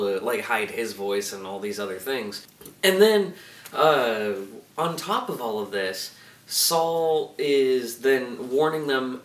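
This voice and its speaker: A young man casually reviewing a TV episode, chatty and animated, briefly acting out the characters' lines as he goes. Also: medium pitch. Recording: roomy echo, mic at a distance.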